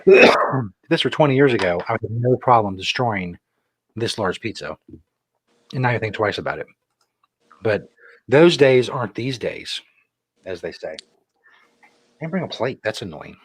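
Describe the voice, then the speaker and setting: A man's voice: fairly low pitch, expressive, moderate pace, pauses often, slightly rough, dry recording. A middle-aged man co-hosting a casual chat show, wry and self-mocking as he reads out viewer comments. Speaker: co-host.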